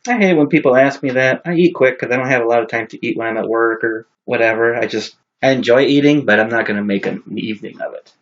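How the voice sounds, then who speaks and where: A man's voice: mid-range voice, fast, few pauses, lo-fi sound. A man who is a guest on a podcast, making laid-back, dry remarks in casual chat.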